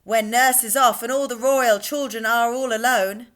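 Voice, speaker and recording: A woman's voice: fairly high pitch, fairly even intonation, normal speed, a bit bright, natural voice. A woman voicing a cheerful small boy in a storybook reading, bubbly and sing-song as he recites verse.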